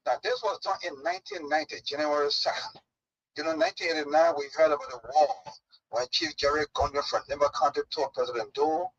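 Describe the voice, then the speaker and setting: Brief: husky male guest, dramatic storyteller, dull broadcast sound. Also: fairly high pitch, fairly even intonation, fast talker, a bit bright. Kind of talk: casual chat, storytelling.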